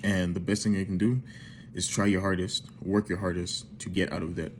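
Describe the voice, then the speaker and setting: A man's voice: low voice, little pitch movement, brisk, slight background noise. A man hosting a channel, giving earnest advice and repeating his points. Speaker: channel host.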